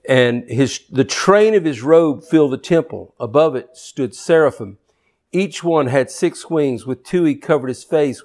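An older man preaching a sermon, fervent and building up to near shouting. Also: a little high.

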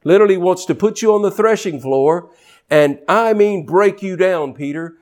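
A man preaching a sermon with passion, repeating words as he builds a point and swinging from low, quiet stretches to high, rising emphasis. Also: moderate pace.

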